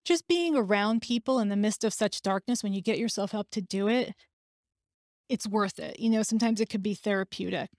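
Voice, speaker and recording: A woman's voice: mid-range voice, a little fast, darkish tone, no echo, clean studio sound. A woman hosting a podcast, telling a personal story in an earnest, emotional and candid way. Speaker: podcast host.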